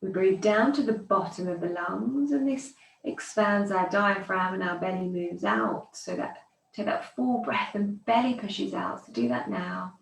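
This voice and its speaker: A woman teaching yoga, guiding slow breathing with calm, soothing counting cues. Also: mid-range voice. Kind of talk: guided breathing instruction. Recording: echoey room, distant mic.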